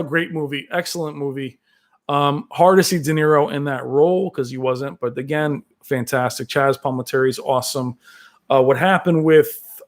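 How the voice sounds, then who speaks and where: A man hosting a casual live-stream chat, reading viewer comments and rambling on with many fillers and restarts. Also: on the high side. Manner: does brief movie-quote impressions. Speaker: tech channel host reading live chat.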